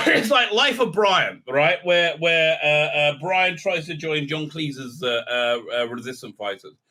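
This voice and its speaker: A man's voice: a little high, lively intonation, unhurried, sharp tone. A man reviewing a show in a casual, rambling recap. He hesitates a lot, piles up fillers and keeps an irreverent tone. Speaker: video reviewer.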